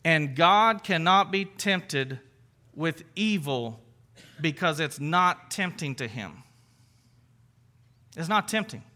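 A man with a high, bright voice gives a casual, conversational sermon as a pastor. He talks earnestly, repeats and restarts phrases, and uses light everyday examples. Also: animated, slow pace, long pauses.

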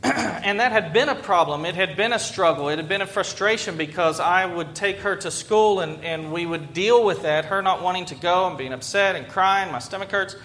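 High-voiced male pastor preaching. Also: pushed and bright, a little hiss or hum. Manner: conversational, asks the congregation questions. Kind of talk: sermon.

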